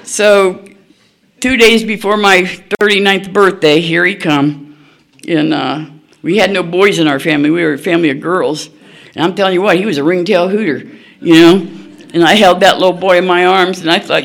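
A woman's voice: lowish voice, brisk, vocal fry. An older woman, telling her own story at a recovery meeting in a blunt, folksy, candid way, laughing at herself. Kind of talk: personal storytelling share.

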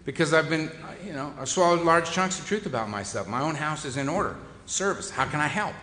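A man's voice: a little high, expressive, brisk, bright, forceful tone. A man telling a humorous personal recovery story to an audience in a wry, self-mocking, conversational way. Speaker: speaker sharing his recovery story. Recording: echoey hall reverb.

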